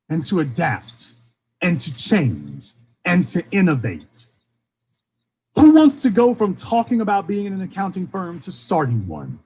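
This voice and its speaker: His voice sits high, a bit mellow and husky, carrying a faint Southern accent from Shreveport, Louisiana. In a fervent streamed monologue, this commentator keeps circling back to the same rhetorical questions, his emphasis swelling and dropping.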